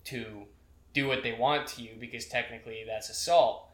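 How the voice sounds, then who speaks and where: A man's voice: mid-range voice, steady tone, normal speed, fairly bright tone, echoey room. A young man, a military veteran, telling profane boot camp stories in casual chat with friends, laughing as he goes.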